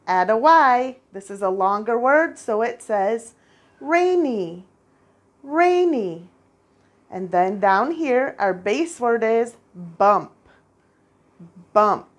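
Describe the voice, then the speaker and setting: A woman teaching first graders a spelling lesson, patient and clear, repeating each word for the children. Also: mid-range voice. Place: international school.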